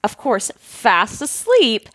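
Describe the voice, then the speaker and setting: A woman co-host chats casually, teasing her partner in a wry way. Her voice sits fairly high, and the recording is dry and close. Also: huge pitch swings, takes it slowly, a bit bright, dry recording. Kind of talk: casual conversation.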